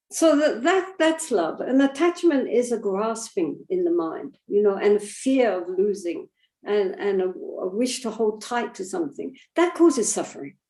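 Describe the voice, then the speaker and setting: An older woman, a Buddhist teacher, answering questions in a gentle, thoughtful way, often pausing with "you know". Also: a little high, echoey room. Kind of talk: reflective spiritual teaching.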